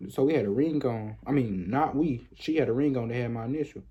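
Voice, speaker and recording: A man's voice: medium pitch, a little fast, breathy edge, highs cut off. A young man in his twenties telling a casual, rambling story full of repetition and profane slang.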